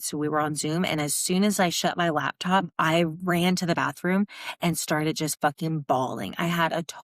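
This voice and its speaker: A young adult woman hosts a podcast and tells her own story in a raw, frank monologue, swearing often. Her voice is lowish, and the recording is dry with clean studio sound.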